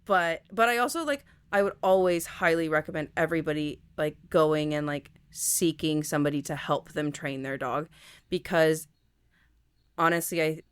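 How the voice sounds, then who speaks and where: Young woman podcast cohost, low-ish smooth voice, rambly with lots of likes and ums. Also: normal speed, no room sound. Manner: rambling, lots of fillers and restarts. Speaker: podcast co-host. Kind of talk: casual chat.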